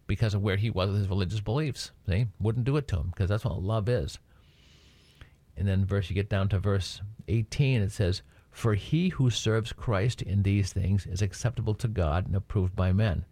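A man's voice: on the low side, normal speed, warm tone, no room sound. A man giving a conversational Bible lesson, often checking in with his listeners by asking "right?". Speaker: Bible teacher.

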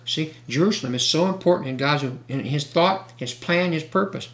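A man preaching a sermon, reading scripture slowly and breaking in with questions and asides to his listeners. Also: fairly high pitch, a bit bright. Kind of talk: sermon, Bible teaching.

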